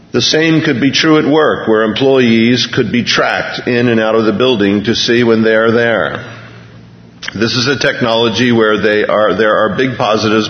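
Low-voiced man preaching in an echoing hall. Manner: conversational preaching, reads news aloud, earnest. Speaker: pastor. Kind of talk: sermon. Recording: lo-fi recording with long hall reverb.

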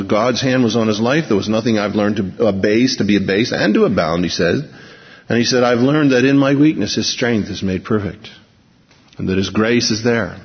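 A man preaching a sermon, telling the story with animated quoted lines that speed up, slow down and drop to near-whispers. His voice sits at an ordinary middle pitch. The sound is dull and muffled, and a long reverb trails off his words in the hall. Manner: storytelling, acts out quotes with shifting pace and volume.

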